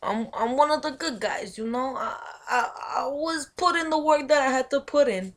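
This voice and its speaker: A woman voicing a tough male Italian mafioso who talks in a hushed, threatening, streetwise way. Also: high voice, moderate pace. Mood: wounded, pleading.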